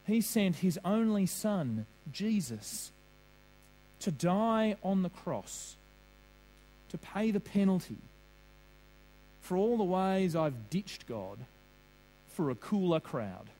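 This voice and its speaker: A man's voice: sits high, very animated, takes it slowly, pauses often, dark tone, soft background music, poor audio. A man preaching a sermon, earnest and questioning, drawing on vivid everyday examples.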